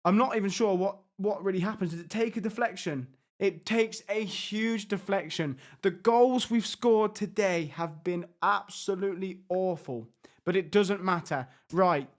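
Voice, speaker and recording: Brief: high-pitched gamer, excitable, frustrated reaction commentary. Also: male voice, normal speed. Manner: exasperated, excitable, talks to his players. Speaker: gaming YouTuber. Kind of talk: live reaction commentary on a football management game.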